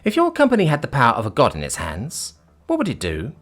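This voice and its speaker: A man's voice: medium pitch, wildly swooping pitch, quick pace, fairly bright tone, voice pushed up. A man voicing a brash, sarcastic female former corporate chief who theatrically mocks her captors in an audiobook story. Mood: scornful. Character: brash witty female ex-CEO, mocking captors. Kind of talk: audiobook character voice.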